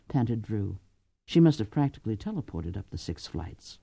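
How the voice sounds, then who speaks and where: A woman reads a novel aloud, her pitch rising and falling in animated swings. Her tone is mellow and warm, and the recording is dry and close. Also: moderate pace, creaky, husky, no echo. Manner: expressive, lively storytelling. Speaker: audiobook narrator. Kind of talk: scripted narration.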